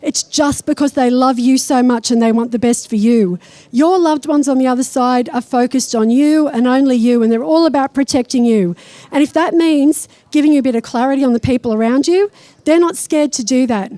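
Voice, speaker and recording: A woman's voice: sits high, brisk, mellow, no room sound. A woman psychic medium giving a blunt, irreverent stage talk and live readings to an audience. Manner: blunt and irreverent, swears freely.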